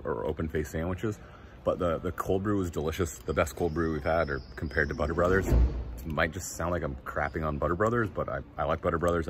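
Deep-voiced man vlogging casually. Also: a little hiss or hum. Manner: relaxed, rambling, enthusiastic about food. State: tired from little sleep. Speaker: travel vlogger. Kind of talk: casual walk-and-talk vlog. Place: cafes and streets, indoors and out. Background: music.

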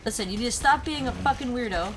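A woman's voice: fairly high pitch, quick pace, music in the background. A woman gaming streamer giving sarcastic, profane commentary while playing a horror game and shrieking at the scares. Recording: noisy home recording.

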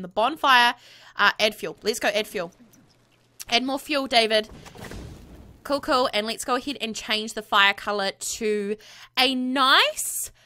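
A high, lively woman doing let's-play commentary into a USB condenser mic. She gushes and squeals in a bright, sharp tone, her pitch leaping all over the place. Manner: bubbly, gushing, squeals with excitement. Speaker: gaming video creator. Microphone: USB condenser microphone.

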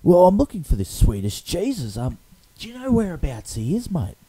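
A man's voice: mid-range voice, big pitch swings, a little fast, dark tone, slightly rough, no echo. A man hosting an improvised comedy sketch, with blokey banter and frequent stammering. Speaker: comedic host.

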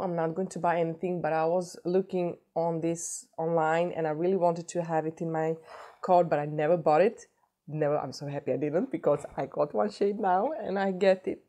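Low-voiced excitable woman with a cold. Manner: gushing, excitable, repeats herself. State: has a cold. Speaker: beauty vlogger. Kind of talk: unboxing chat.

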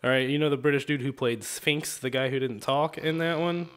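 A young man hosting a comedy podcast in casual chat, animated, laughing often and swearing. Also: medium pitch, a little fast, smooth. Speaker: podcast host.

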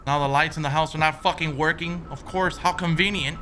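A man's voice: on the high side, fairly even intonation, a little fast, bright, forceful tone, slight background noise. A man commenting on a horror game he is playing, muttering nervously to himself, swearing often and yelping when startled. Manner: jumpy, swears a lot, yelps when startled. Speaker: gaming video creator.

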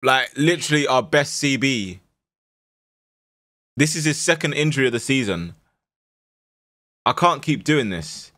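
Excitable man yelling at his team. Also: measured pace, long pauses, dry recording, studio quality. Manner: excitable, shouts at the players, swings to low mutters. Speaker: gaming streamer. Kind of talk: live game commentary.

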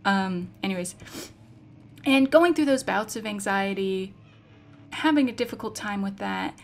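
A woman's voice: mid-range voice, unhurried, creaky. A woman hosting a gaming channel, commenting thoughtfully while playing a horror game and talking herself through her fear. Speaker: host of a psychology-themed gaming channel. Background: game music.

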